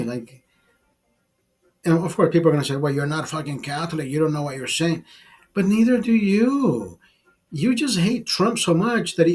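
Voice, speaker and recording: A man's voice: sits high, darkish tone. A man hosting a casual livestream, rambling, swearing freely and laughing at his own jokes. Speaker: livestream host. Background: bar setting.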